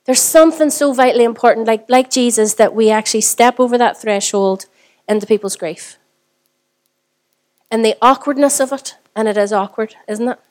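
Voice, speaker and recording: A woman's voice: a little high, normal speed, darkish tone. A woman pastor with a Northern Irish accent, preaching a sermon in a conversational way and putting rhetorical questions to the congregation. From Northern Ireland.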